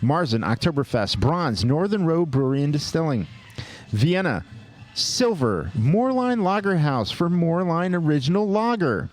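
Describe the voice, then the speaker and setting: A man co-hosting a podcast, jokingly rattling through a list of award winners with quick asides. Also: on the high side, sing-song. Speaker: podcast co-host. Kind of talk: casual chat, reading award lists.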